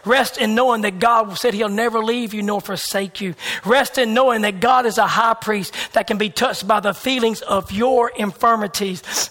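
A man preaching a sermon with an emphatic, repetitive cadence, swinging between loud fervor and hushed whispers. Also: sits high.

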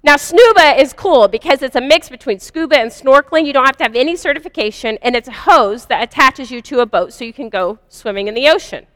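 Woman speaker, high bright voice, earnest confessional storytelling, long hall reverb. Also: animated, brisk, hardly any pauses. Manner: earnest, confessional, vivid retelling. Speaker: speaker sharing a personal story. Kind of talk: first-person spiritual storytelling.

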